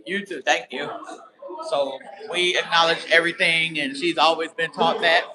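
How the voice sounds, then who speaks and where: A man's voice: fairly high pitch, steady tone, normal speed. Chatty man streaming amid a crowd. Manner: chatty, upbeat, addresses viewers directly. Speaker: vlogger at a graduation event. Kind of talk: casual live-stream chat. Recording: noisy crowd around the phone.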